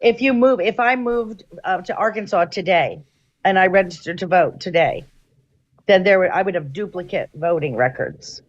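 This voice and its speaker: A woman's voice: lowish voice, normal speed, dull audio. A woman in a political chat who argues bluntly, lays out examples and swears freely.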